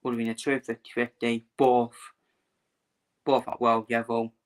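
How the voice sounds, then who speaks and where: A man's voice: medium pitch, little pitch movement, normal speed. A man talking casually to viewers in a live stream, often repeating his phrases and filling gaps with "uh". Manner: repeats himself, fillers, talks to viewers. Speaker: boxing vlogger.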